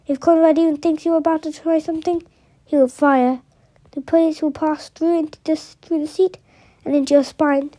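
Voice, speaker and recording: A woman's voice: sits high, steady tone, normal speed, mellow, close to an everyday voice. A woman reading the lines of a cold, threatening female kidnapper, in a plain voice with little change from her own. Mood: menacing.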